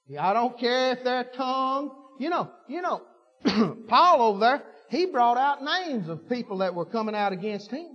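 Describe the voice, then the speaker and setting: A man preaching a sermon, folksy and fervent, repeating himself and building to shouts. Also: very high-pitched. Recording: dull lo-fi recording with long hall reverb.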